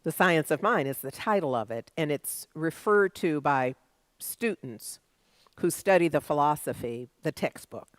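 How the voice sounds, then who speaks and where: A woman's voice: deep voice, expressive, a little slow, no room sound. A woman minister giving a sermon, conversational at first and building to emphatic preaching.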